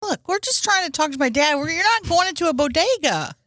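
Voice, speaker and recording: A woman's voice: very high voice, expressive, a little fast, fairly bright tone, no room sound, clean studio sound. A woman playing an earnest, naive client who begs a psychic to reach her dead father, in an improvised comedy sketch. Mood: insistent. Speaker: podcast co-host.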